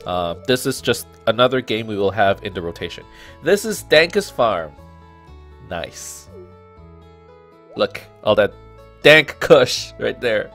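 A man's voice: lowish voice, very animated, slow pace, long pauses, fairly bright tone, soft background music. A man casually commenting on a farming game, joking and laughing often as he plays. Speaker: gaming channel host. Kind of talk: let's play commentary.

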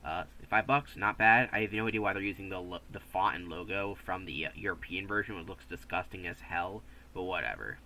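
A man's voice: low-pitched, brisk, hardly any pauses, pushed and bright, low-quality recording. A man narrating a casual video game review, chatty and offhand, with restarts and asides.

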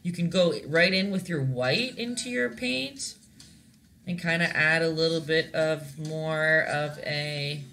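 A young Canadian painting instructor runs a casual live-stream lesson in a slow, low-sitting voice with a fairly bright tone. She's chatty and giggly and rambles with many fillers, and the recording carries a little hiss or hum.

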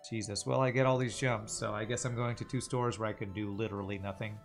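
A man's voice: fairly low pitch, fairly even intonation, quick pace, soft background music. A man streaming a video game, chatting casually and thinking aloud with jokes and tangents. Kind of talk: casual gameplay commentary.

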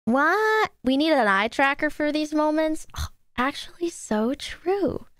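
This female streamer talks to her live chat from a desk in her home room, reacting with exasperation and plenty of swearing. Her voice sits high with lively intonation, her pace is measured, and there's no echo.

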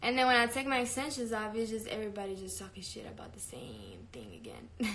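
Young woman, bright sharp voice, brash, profane, giggly, casual livestream chatter. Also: medium pitch, animated, brisk. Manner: brash and profane, laughing often. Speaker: singer on a live stream.

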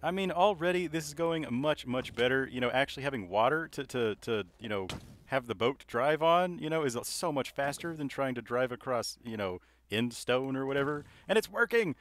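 A man giving casual commentary over his gameplay, rambling and self-mocking, filling pauses with "you know". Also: mid-range voice, a bit bright, slight background noise. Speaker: gaming video creator.

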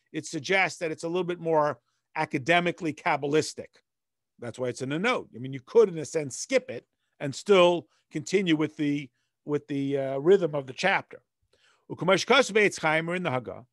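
A man's voice: on the high side, fairly bright tone, no echo, clean studio sound. A man, a rabbi, leading a text study class. He reads passages in Hebrew and explains them in plain, conversational English with everyday analogies. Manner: conversational, patient teacher.

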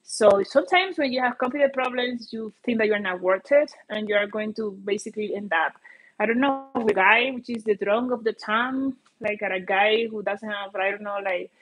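A woman's voice: mid-range voice, moderate pace, a bit bright. A woman with a Colombian accent, a native Spanish speaker, chatting casually on a livestream and often searching for English words. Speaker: vlogger.

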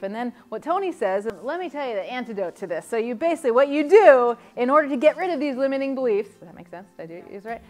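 A woman in her thirties, a motivational coach, telling rambling, self-deprecating personal stories in an animated way. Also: a little high, fast, few pauses.

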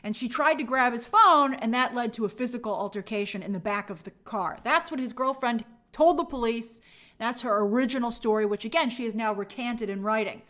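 A woman hosting a live stream, giving emphatic, animated commentary and reading viewer comments aloud. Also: fairly high pitch, a little fast.

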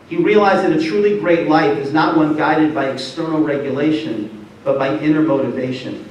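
A man gives a motivational lecture to an audience in a large hall. He tells stories in a lively way and quizzes his listeners, and his voice sits a little high. The sound is very echoey and distant, with a faint hum behind it. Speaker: rabbi giving a talk.

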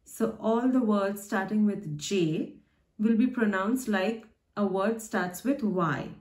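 A woman's voice: medium pitch, slow pace, darkish tone. A woman who hosts her own channel, patiently teaching how to pronounce letters and explaining them with everyday examples. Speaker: language teacher and channel host. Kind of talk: slow, careful teaching of pronunciation. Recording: echoey room.

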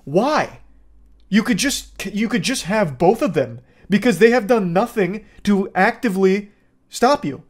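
A man's voice: high voice, expressive, measured pace. A man hosting a movie review, talking sarcastically and rambling with many fillers. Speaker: host.

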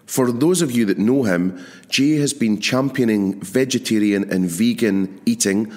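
A man's voice: lowish voice, a little slow, a little mellow. A man hosting a food marketing podcast, chatting enthusiastically with plenty of fillers. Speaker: podcast host. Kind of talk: casual podcast interview.

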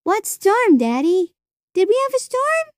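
A woman's voice: extremely high pitch, very animated, measured pace, no room sound, studio quality, voice pushed up, exaggerated voice. A woman voicing a small, sulky little girl who gets scared easily, with a childlike, pleading way of talking. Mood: puzzled.

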